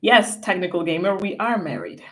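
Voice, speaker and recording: A woman's voice: medium pitch, normal speed, a little hiss or hum. A woman co-hosting a casual livestream, chatting and reading viewer comments aloud from a home setup. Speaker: livestream co-host.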